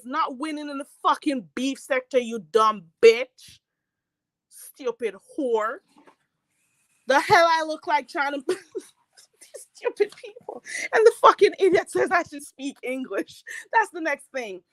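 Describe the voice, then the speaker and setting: A woman's voice: sits high, no room sound. A woman hosting a commentary channel, ranting in a heated, mocking and profane way. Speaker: YouTube commentary host.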